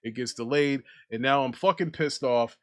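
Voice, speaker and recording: A young man hosting a casual live-stream chat show, ranting in a profane, animated way. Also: mid-range voice, normal speed. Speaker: podcast host.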